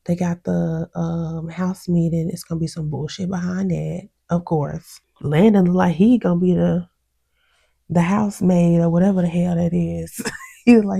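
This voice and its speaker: Gravelly, chatty woman vlogger. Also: fairly low pitch. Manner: chatty and animated, quotes others with mimicry; slangy, outspoken, laughs often. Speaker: reality show reviewer. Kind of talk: casual vlog review.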